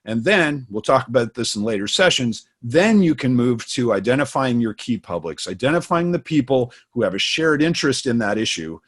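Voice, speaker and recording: A man's voice: mid-range voice, expressive, normal speed, few pauses, fairly bright tone, husky. A middle-aged man co-hosting, explaining ideas in a casual way with plenty of fillers, restarts and personal stories. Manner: storytelling, many fillers and restarts. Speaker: co-host. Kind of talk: casual instructional talk.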